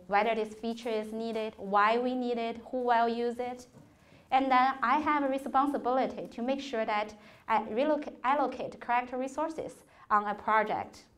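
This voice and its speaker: A woman giving a workshop talk to students, telling career stories in earnest, non-native phrasing with a few restarts. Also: on the high side. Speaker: conference speaker. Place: lecture hall.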